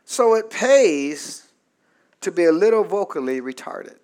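A male pastor delivers a call-and-response sermon, stopping to have the congregation repeat his words back. His voice sits unusually high with a gravelly edge, and he speaks slowly and deliberately. He drops to soft asides, then builds to shouted peaks. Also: very animated. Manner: swings from soft low asides to loud shouted climaxes.

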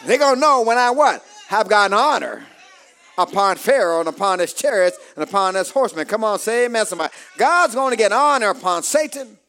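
High-voiced preacher calling for amens. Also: male voice, very animated, brisk, some chatter behind. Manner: shouts rising phrases and calls for amen. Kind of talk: call-and-response sermon.

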